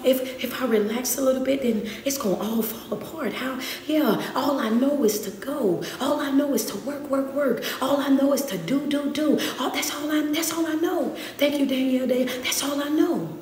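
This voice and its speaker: A woman motivational speaker and life coach giving a live-streamed talk in a rhythmic, repetitive, preacher-like cadence. She often drops to soft near-whispers to comfort her listeners. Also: high-pitched, normal speed, few pauses. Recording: roomy echo with faint background noise.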